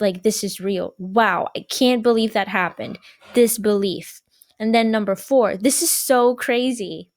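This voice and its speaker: A woman's voice: on the high side, a little mellow. A woman teacher giving a recorded grammar lesson to young students, patiently repeating key points and checking in with "right?".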